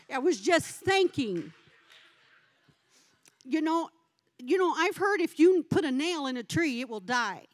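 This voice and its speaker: An older woman preaching a sermon, a folksy and animated storyteller who has the congregation repeat phrases after her. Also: a little high. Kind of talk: sermon with personal stories.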